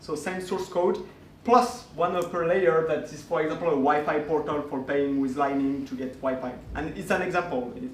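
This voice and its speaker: A man giving a conference talk, halting with many restarts and fillers as he explains his project. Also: a little high, slight background noise. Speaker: conference speaker. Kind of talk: conference presentation. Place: conference room. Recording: echoey room, voice from far off.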